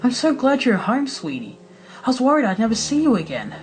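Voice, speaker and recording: A man's voice: very high-pitched, animated, a little fast, a little mellow, faint music behind, voice pushed up. A man voicing a worried, relieved mother who soothes her child in a storybook reading. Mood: tender.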